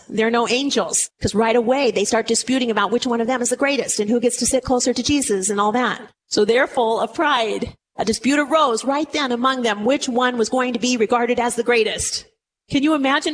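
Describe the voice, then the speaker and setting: A woman's voice: a little high, a little hiss or hum, low-quality recording. A woman giving a conversational Bible lesson, often putting rhetorical questions to her listeners. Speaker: Bible teacher.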